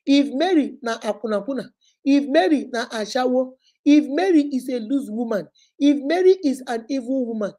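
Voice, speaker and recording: A woman's voice: sits high, mellow. A woman with a Nigerian accent giving impassioned vlog commentary, scolding and preachy, hammering points home with repeated rhetorical questions. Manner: emphatic, repetitive, rhetorical questions. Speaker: vlogger host.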